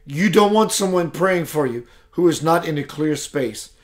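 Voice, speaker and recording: A man hosting a live spiritual broadcast who talks in a slow, emphatic, preacherly way and reads out viewer comments. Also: fairly high pitch, animated. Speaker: spiritual show host.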